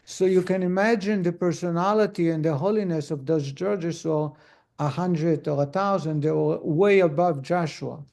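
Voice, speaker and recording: High-voiced man teaching a lesson. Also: moderate pace, gravelly, darkish tone. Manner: storytelling, asks the audience questions. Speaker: rabbi teaching a class. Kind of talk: conversational Torah lesson.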